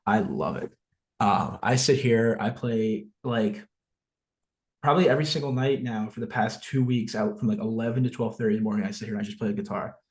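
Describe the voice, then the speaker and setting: A man's voice: on the low side, a little fast, darkish tone. A young man in his twenties with a New Jersey accent, chatting casually as a podcast guest over a video call, full of fillers and restarts. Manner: rambling, filler-heavy, frequent swearing.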